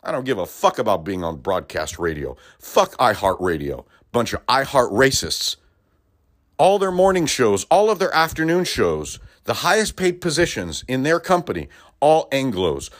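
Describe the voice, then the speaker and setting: A man delivering an impassioned, profane political rant, swinging between low mutters and loud outbursts. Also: very animated, moderate pace.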